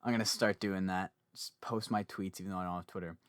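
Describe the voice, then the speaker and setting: A young man hosting a casual podcast chat, talkative and quick to laugh, often interrupting himself. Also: low voice, fairly even intonation, clear, resonant tone, no echo, studio quality. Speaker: podcast host.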